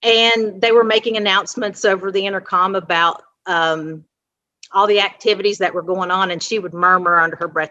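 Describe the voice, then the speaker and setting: A woman on the staff of a school, telling a story in a casual, lively way and acting out the people she quotes. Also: mid-range voice, moderate pace, no room sound, muffled recording. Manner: animated anecdote with quoted dialogue.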